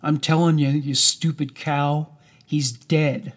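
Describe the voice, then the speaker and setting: A man reading the lines of a coarse, threatening middle-aged stepfather in a slow, measured way. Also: on the high side, little pitch movement. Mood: menacing. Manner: threatening and crude.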